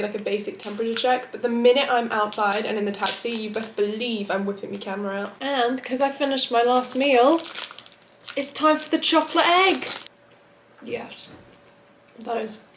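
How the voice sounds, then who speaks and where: Excitable young woman, roomy sound. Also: a little high, slight background noise. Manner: chatty and excitable. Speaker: vlogger. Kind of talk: casual vlog diary. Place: small quarantine room indoors. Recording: roomy echo.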